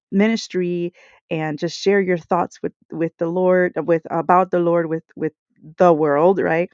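A woman's voice: fairly low pitch, a little mellow, no room sound. A woman hosting a podcast, giving a casual devotional reflection in an earnest, rambling way, full of "like" and "you know", on a small computer microphone. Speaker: podcast host. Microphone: small computer microphone, recording live. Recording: dull lo-fi, dry sound.

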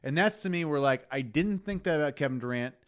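A man who once played college football, guesting on a casual sports podcast over wine and giving his opinions with quick interjections. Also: on the high side, animated.

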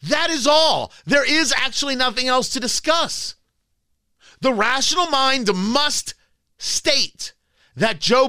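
High, lively, combative male talk host. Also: smooth, no echo. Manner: combative, ranting, scornful. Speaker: political talk show host. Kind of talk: opinion monologue.

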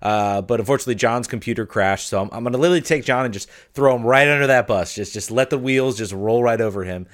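A man co-hosting a sports podcast in casual chat, excitable and full of stumbling restarts, talking into his phone on a video call. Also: medium pitch, quick pace, hardly any pauses. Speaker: podcast co-host.

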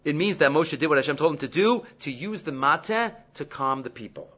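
A man teaching a Torah lesson, his voice high and bright, quoting Hebrew passages and unpacking them in English. The recording sounds dull and lo-fi. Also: fairly quick. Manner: animated, mixes Hebrew quotes with English explanation. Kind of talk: Torah class lecture.

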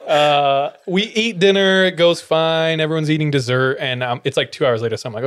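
A man's voice: a little high, brisk, hardly any pauses, fairly bright tone, clear, resonant tone. Laughing, swearing young man telling a story. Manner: laughs often while telling; swears freely. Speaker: podcast host. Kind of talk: casual storytelling.

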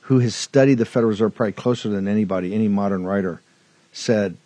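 A man's voice: fairly low pitch, fast, warm tone, no echo. Fiery dry-voiced talk show host man. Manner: fiery, emphatic, repetitive. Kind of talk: political talk show commentary.

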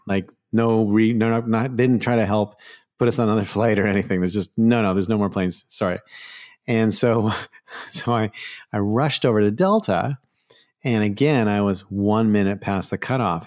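A man in his forties tells a travel story in a casual, rambling monologue. His voice sits a little low, and he restarts often, tossing in fillers and small laughs as he goes. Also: darkish tone, dry recording, clean studio sound. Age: 40s. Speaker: podcast host.

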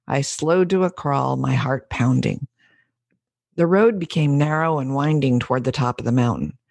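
A woman podcast host and business coach reading an essay aloud in a measured, storytelling way. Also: deep voice, creaky, no room sound, studio quality.

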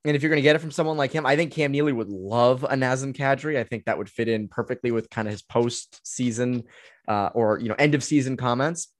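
A man's voice: medium pitch, quick pace, dry recording, clean studio sound. A man in his twenties hosting a sports podcast, chatting through team analysis in a loose, thinking-aloud way with plenty of filler words. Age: 20s. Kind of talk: casual hockey analysis chat.

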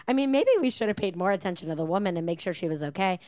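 A woman guest on a podcast telling restaurant stories in a lively, laughing way and mimicking customers' voices. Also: fairly low pitch, rapid-fire, dry recording, clean studio sound. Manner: animated storyteller, mimics customers, laughs often. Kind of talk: casual chat.

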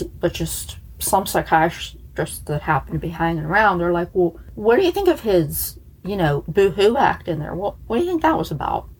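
A woman's voice: sits low, a little mellow, low-quality recording. A woman from the United States telling a true crime story in a casual, chatty way, blunt and sarcastic.

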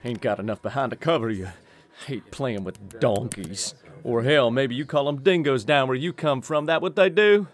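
A man's voice: mid-range voice, moderate pace, close to an everyday voice. An actor playing a brash, crude male gambler who blusters and picks fights. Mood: blustering. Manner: blustering, belligerent.

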